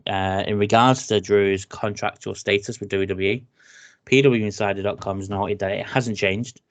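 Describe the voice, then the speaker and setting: A podcast host from England runs a casual chat show, reading news items aloud. His voice sits fairly low, and he trips into restarts and filler words along the way.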